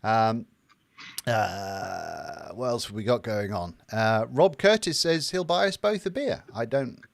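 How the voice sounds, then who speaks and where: A man's voice: mid-range voice, expressive, slow pace, gravelly, no echo. A man from the United Kingdom co-hosting a casual livestream, reading out viewer comments in a jokey, chatty way with plenty of fillers. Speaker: livestream co-host reading chat. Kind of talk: casual live chat.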